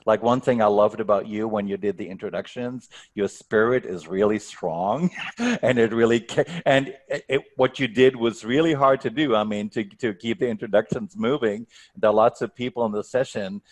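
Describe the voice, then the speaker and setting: Male speaking coach, fairly low-pitched, earnest, stumbles into restarts, heard over a video call. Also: normal speed. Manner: earnest, stumbling restarts, leaning on key words. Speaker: speaking coach, workshop guest. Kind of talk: coaching advice in a Q&A.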